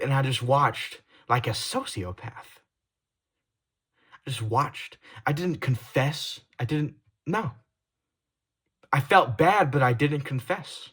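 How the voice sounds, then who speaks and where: A young man talking straight to his audience in a confessional vlog. He swings between heated swearing and quiet, apologetic trailing off, with stumbling restarts. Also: a little high, big pitch swings, slow, pauses often, breathy edge. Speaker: YouTuber.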